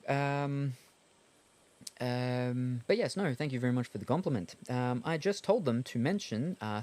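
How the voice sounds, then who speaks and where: An Australian man chatting casually while streaming a game, rambling and hesitant with lots of ums and uhs. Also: medium pitch. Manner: rambling, hesitant, many fillers. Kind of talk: casual chat while gaming.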